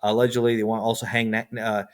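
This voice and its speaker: A man's voice: fairly low pitch, completely flat delivery, fast, smooth. A man in casual political chat, repeating and restarting his words as he goes. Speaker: guest.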